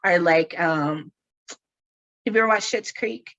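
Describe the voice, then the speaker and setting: A woman's voice: on the low side, measured pace. Middle-aged woman host, laughs a lot, chatty, kinda muffled audio. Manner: laughs often, chatty and animated. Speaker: podcast host. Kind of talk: casual chat.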